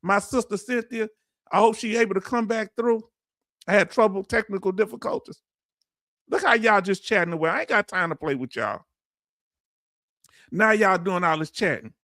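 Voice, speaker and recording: A man's voice: high voice, normal speed, pauses often, bright, forceful tone, dry recording, studio quality. A man hosting a casual livestream, chatting loosely with his viewers and reading their comments aloud. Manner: chatty, reads chat aloud, Southern Black vernacular phrasing. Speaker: veteran livestream host.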